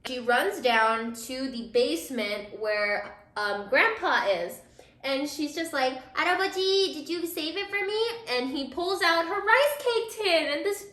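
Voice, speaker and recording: A woman's voice: high-pitched, lively intonation, a little slow, pushed and bright. A young woman vlogger casually recapping a drama while doing her makeup, chatty and full of fillers, acting out the characters' lines. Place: room at home, doing makeup. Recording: echoey room.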